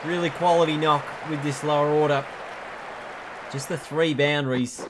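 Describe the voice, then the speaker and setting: In a fairly high voice and a brisk pace, a man commentates a cricket video game play by play, excitable and chatty, jumping up at big moments and correcting himself. Crowd noise fills the noisy background.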